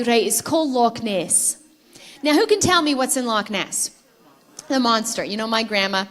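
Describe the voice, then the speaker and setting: A woman giving a conference keynote speech, telling stories in a lively way and putting questions to the audience. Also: sits high. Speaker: keynote speaker. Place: conference stage before a live audience.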